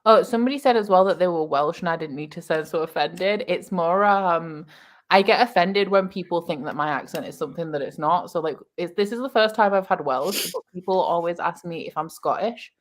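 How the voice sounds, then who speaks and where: A woman with a Northern English accent chats loosely on a reading livestream, giggling often and wandering between topics. Her voice sits slightly low, and she fills pauses with "um" and "like.". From Lancashire, England. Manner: giggly, rambling, lots of fillers. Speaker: booktube host. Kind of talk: casual livestream chat.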